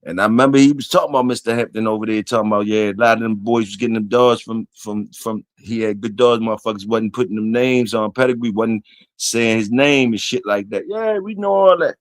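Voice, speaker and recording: A man's voice: lowish voice, brisk, dry recording. A man hosting a casual solo livestream, talking loosely and profanely to his chat and reading comments aloud. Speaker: livestream host.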